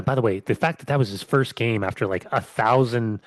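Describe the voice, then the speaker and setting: A man's voice: medium pitch, dry recording. Man, podcast co-host, casual football chat, chatty, dry close sound. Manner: chatty, quick agreeing interjections.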